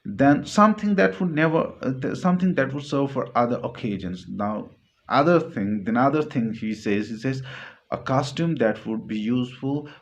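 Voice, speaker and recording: A male literature teacher explaining a short story in a classroom lecture, repeating himself, glossing word meanings and filling pauses. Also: medium pitch, animated, muffled recording. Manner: repetitive, glossing words, many fillers.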